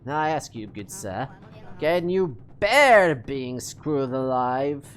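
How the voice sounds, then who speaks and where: A woman's voice: a bass voice, lively intonation, slow, full character voice. A woman voicing a prim male paper gatekeeper in a formal, pompous put-on British accent. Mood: haughty.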